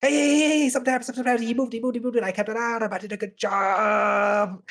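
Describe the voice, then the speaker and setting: A man voicing an excitable little male horned squirrel that babbles rapidly in a high voice. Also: creaky, exaggerated voice. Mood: excited.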